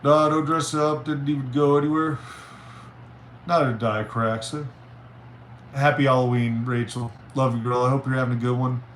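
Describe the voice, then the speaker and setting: A man streaming live, chatting casually and reading viewer messages aloud with halting restarts. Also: mid-range voice, steady tone. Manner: rambling, reads chat aloud, halting restarts. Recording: roomy with faint noise.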